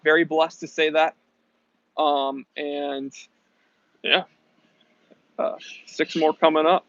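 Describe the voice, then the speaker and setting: A young man with a slightly high voice chats casually through a live stream, answering comments in a loose, upbeat way. His voice is close and dry, with a somewhat dull, lo-fi sound. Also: little pitch movement, slow, creaky, a bit bright, no echo. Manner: casual, upbeat, chatty with fillers. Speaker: host.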